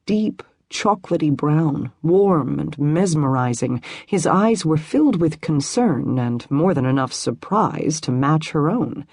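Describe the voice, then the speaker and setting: A woman narrating an audiobook in a measured, even storytelling voice, close to the mic. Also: low-pitched, breathy edge, dry recording. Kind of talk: scripted narration.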